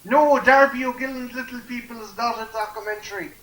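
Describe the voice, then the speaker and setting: High-voiced Irish man, sarcastic banter. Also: steady tone, brisk, fairly bright tone. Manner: sarcastic, swears freely, riffing jokes. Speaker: guest. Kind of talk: casual watch-party chat. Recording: echoey room with faint noise.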